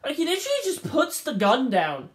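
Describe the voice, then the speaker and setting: A woman's voice: high-pitched, wildly swooping pitch, fairly quick. A woman reviewing a film in a rambling, casual monologue, swearing freely and acting out the scenes.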